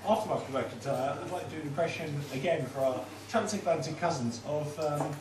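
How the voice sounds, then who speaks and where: A young man compering stand-up comedy in a deadpan, halting way, full of fillers. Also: fairly high pitch, far from the mic. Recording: echoey bar heard from afar, noisy.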